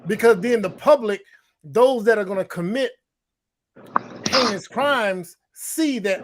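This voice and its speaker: High-voiced man, emphatic podcast talk. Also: slow pace, pauses often, slight background noise. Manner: emphatic, repetitive, acts out quotes. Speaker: podcast co-host. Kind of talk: casual discussion podcast.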